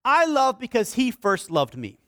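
High-voiced man preaching with passion. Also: huge pitch swings, unhurried, dry recording, clean studio sound. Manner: impassioned preaching, swinging from shouts to hushed pleas. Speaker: pastor. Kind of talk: sermon.

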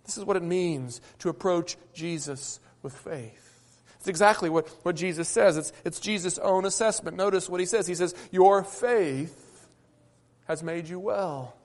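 A man's voice: high voice, normal speed. A man preaching a sermon in an earnest way, often repeating words as he goes, recorded in a church sanctuary. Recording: long hall reverb.

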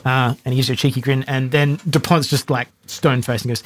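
Relaxed male game master narrating. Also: medium pitch, fast talker.

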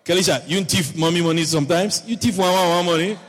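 A middle-aged man from Ghana with a Ghanaian accent, a bishop preaching a sermon built on a personal story, animated, laughing often and breaking into shouts. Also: high-pitched, fast talker. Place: church hall. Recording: church hall reverb, faint music.

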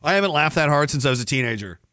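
A man's voice: a little high, expressive, very fast, pushed and bright, dry recording, studio quality. A man hosting a livestream podcast, ranting sarcastically with a lot of swearing and frequent laughs. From Canada. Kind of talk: profane ranting chat with viewers.

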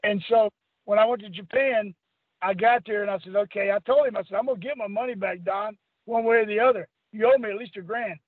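An older man calls in over a tinny phone line. His voice sits high and husky. He rambles through stories, acting out the other people's lines and breaking into laughs. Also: fast talker, dry recording. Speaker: interview guest, former wrestler. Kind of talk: storytelling anecdote.

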